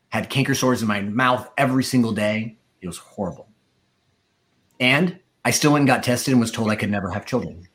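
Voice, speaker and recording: In this sermon testimony, a male preacher recounts his own story. As a storyteller he performs the quoted voices along the way, raising his pitch for them.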